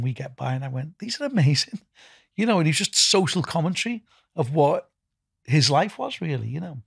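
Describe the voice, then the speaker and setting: Gravelly husky Liverpool man, middle-aged. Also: on the high side, dry recording, studio quality. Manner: rambling, many restarts and "you know". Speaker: festival founder and guest. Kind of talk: casual interview talk.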